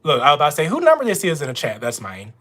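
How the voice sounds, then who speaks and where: A man's voice: a little high, wildly swooping pitch, very fast, a bit bright. A man with a Louisiana accent, chatting casually with viewers on a live stream from home. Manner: chatty, talks straight to viewers. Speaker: notary running a live stream. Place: at home with dogs nearby.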